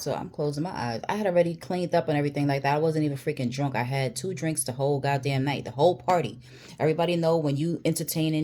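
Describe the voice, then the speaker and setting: A woman's voice: low-pitched, darkish tone. A woman telling a personal story straight to camera, in a blunt, emphatic and heavily profane way. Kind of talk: storytime monologue.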